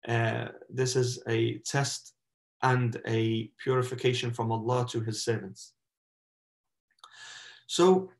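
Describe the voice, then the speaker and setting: A man, a shaykh, giving a religious lesson as an impassioned story, with Arabic religious phrases mixed in and a rising, emphatic delivery. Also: medium pitch. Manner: impassioned, swells in emphasis with oaths. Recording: echoey roomy sound.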